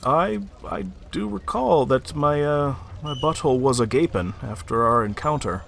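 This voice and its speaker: Guy doing a beat-up sleazy innkeeper, halting and full of ums, faint noise behind. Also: mid-range voice, expressive, gravelly, a bit bright. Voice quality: halting, with many fillers. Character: battered male innkeeper Toblin, sleazy and joking.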